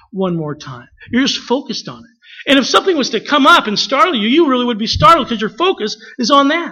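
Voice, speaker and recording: High, bright-voiced man preaching. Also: poor audio. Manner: animated storytelling, acts out quotes, humorous asides. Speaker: pastor. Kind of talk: sermon.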